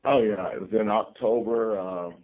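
A man in his sixties from California, a team chaplain calmly telling stories from his life as a podcast guest. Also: lowish voice, moderate pace. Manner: calm, reflective storyteller. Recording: tinny phone-like remote line.

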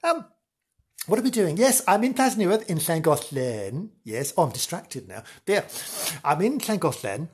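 A man playing a fussy, dithering woman field reporter in a comic sketch, with a husky voice. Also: on the high side, sing-song, normal speed, heavily acted. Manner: fussy, dithering, shrieking with alarm. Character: flustered, excitable middle-aged woman field reporter. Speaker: on-location reporter.

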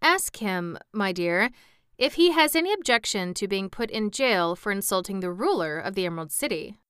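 A woman's voice: mid-range voice, animated, normal speed, fairly bright tone, clear, resonant tone, dry recording, clean studio sound, close to an everyday voice. A woman voicing a pompous, severe male scarecrow king who speaks in a lofty, reproving way, in a storybook reading.

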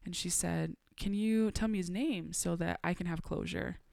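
A young adult woman on a podcast telling a personal story in a casual, animated way. She laughs often and acts out the dialogue she quotes. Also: lowish voice, normal speed, vocal fry, no room sound, clean studio sound. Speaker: podcast guest.

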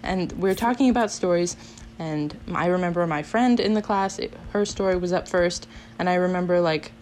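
A woman in her twenties casually telling a story on a podcast, animated, laughing often and acting out what people said. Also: fairly low pitch, moderate pace, slight background noise, poor audio. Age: 20s.

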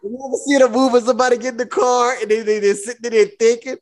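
A man's voice: extremely high pitch, level tone, fast talker, no room sound. A young man co-hosting a podcast, telling a profane story and acting out both sides of it. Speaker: podcast co-host. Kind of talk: casual storytelling.

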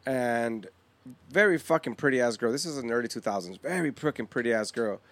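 A man's voice: medium pitch, brisk. A middle-aged man co-hosting a podcast, telling a story in casual chat with lots of swearing and acted-out voices. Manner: profane, animated storyteller who acts out quotes. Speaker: podcast co-host.

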